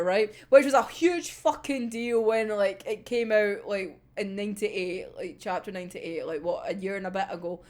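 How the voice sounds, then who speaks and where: A woman's voice: medium pitch, moderate pace, hardly any pauses, darkish tone. A woman casually recapping an anime episode, giggling often, swearing freely and acting out the characters' lines. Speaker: anime discussion vlogger.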